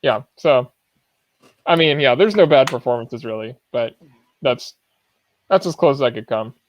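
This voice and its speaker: A man's voice: mid-range voice, expressive, normal speed. A man co-hosting a film podcast, talking in an easygoing way and laughing between remarks. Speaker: podcast co-host. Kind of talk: casual film discussion.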